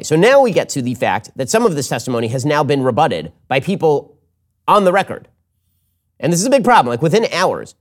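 A man hosting a political commentary show, talking fast and emphatically in an opinion monologue. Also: on the high side. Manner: animated, quick, emphatic.

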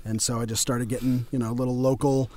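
A man from Colorado, a voice actor chatting as a guest in an interview, telling stories in a relaxed, self-deprecating way. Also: mid-range voice, fast, slight background noise. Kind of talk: casual interview chat.

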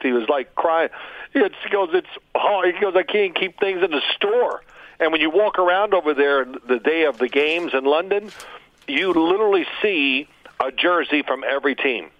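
Casting: older man, rambling storyteller, phone-line sound, mid-pitched, dry. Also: no room sound. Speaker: guest, father of co-host. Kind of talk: casual podcast chat.

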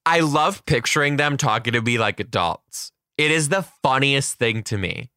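Animated male teacher telling stories. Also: medium pitch, normal speed, no room sound, clean studio sound. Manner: animated, slangy, swears casually. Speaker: kindergarten teacher. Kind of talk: casual storytelling vlog.

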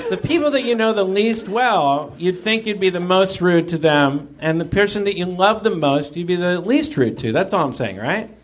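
A married man hosting a casual discussion, halting and repeating words as he thinks aloud. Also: high-pitched, lively intonation, slight background noise.

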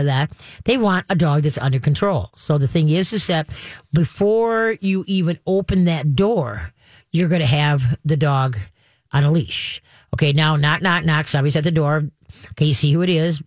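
A woman's voice: low voice, no room sound, studio quality. A woman hosting a pet advice show, talking through dog training steps in a chatty way, often saying "okay" and acting out dogs and owners. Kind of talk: call-in advice show talk.

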